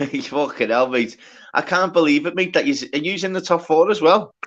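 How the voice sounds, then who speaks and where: A man hosting a casual livestream chat, swearing a lot and talking in quick bursts full of filler words. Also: on the high side, a bit bright, highs cut off. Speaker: livestream host.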